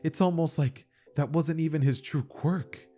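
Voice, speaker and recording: Man doing a confused young hero lady, bit higher voice, fan story. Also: unhurried, dark tone, faint music behind, close to an everyday voice. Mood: baffled. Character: young woman giant-size hero, baffled.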